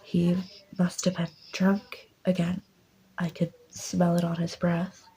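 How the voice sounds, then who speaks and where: A woman's voice: on the low side, monotone, slow pace, vocal fry, warm tone, rough recording. A woman voicing a frightened, hesitant mother who stammers, in whispered role-play. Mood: shaken.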